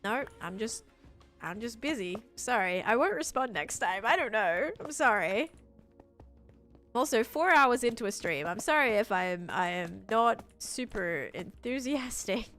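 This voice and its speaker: A woman's voice: on the high side, animated, a little slow, fairly bright tone, soft background music. A young woman, chatting casually while live-streaming a game and answering chat.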